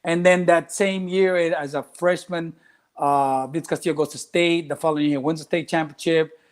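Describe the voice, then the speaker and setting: A man's voice: a little high, moderate pace. A middle-aged man, a coach telling stories in a casual interview and acting out the voices of the people in them. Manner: animated, acts out quoted voices, mixes in Spanish phrases. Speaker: track and cross country coach.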